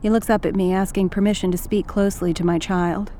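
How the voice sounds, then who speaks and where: A woman's voice: medium pitch, steady tone, a little fast, mellow, slight background noise. Woman reading a wry first-person story. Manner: wry, intimate, builds to bursts of anger. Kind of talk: first-person literary narration.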